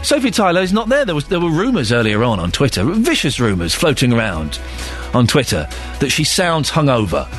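A man's voice: medium pitch, fairly quick, soft background music. A man hosting a radio phone-in from the studio, chatting jokily and reading listener emails aloud. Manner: jokey, animated, reads listener emails aloud. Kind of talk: casual radio chat. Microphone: studio microphone.

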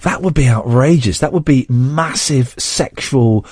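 A man's voice: mid-range voice, a little slow, darkish tone, slightly rough, no echo, studio quality. A man hosting a radio show, bantering with a co-host in teasing, mock-outraged rants. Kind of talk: casual on-air banter.

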